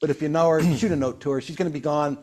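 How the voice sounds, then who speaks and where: A man in his sixties, hosting a casual company sales broadcast, talking in animated, quick storytelling bursts. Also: a little high.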